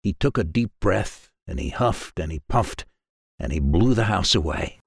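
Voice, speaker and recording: A man narrating a children's fairy tale in a measured, expressive way. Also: sits low, creaky, breathy edge, no room sound, studio quality. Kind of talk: storybook narration.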